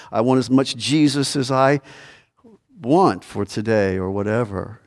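A man's voice: mid-range voice, measured pace. A man preaching a sermon as a pastor, earnest and repetitive, rising to sudden emphatic peaks. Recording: long hall reverb.

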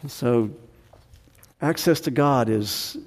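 A man preaching a sermon with earnest emphasis, slowing down on key phrases and rising in pitch when stressing a point. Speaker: pastor. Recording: long hall reverb.

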